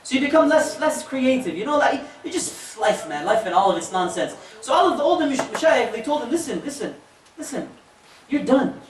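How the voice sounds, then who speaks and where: A man giving a storytelling sermon as an imam, animated, with joking asides to the audience. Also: extremely high pitch, fairly quick, hardly any pauses. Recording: echoey hall, distant mic, faint noise.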